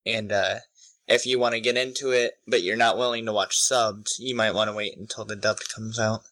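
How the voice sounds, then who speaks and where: Bright-voiced young man co-hosting a podcast. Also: on the low side, moderate pace, low-quality recording. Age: young adult. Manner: relaxed, self-deprecating, rambling with fillers. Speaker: podcast co-host. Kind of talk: casual chat.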